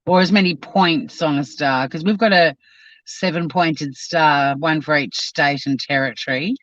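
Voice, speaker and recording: A woman's voice: low voice, a little slow, a bit bright. A sweary Australian woman chats bluntly as she drives and reacts to her live chat. The sound is muffled and lo-fi, with no room echo at all. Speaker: livestream host reading chat. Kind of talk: casual chat while driving. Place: car. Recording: dull, dry lo-fi sound.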